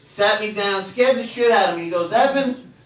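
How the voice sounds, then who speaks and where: Man, 40s, stand-up comic, self-deprecating punchlines, echoey club recorded from afar, loud crowd laughter. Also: high voice, brisk, distant mic. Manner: punchy self-deprecating delivery with act-out voices. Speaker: stand-up comedian. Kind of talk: stand-up comedy set. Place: comedy club stage. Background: audience laughter.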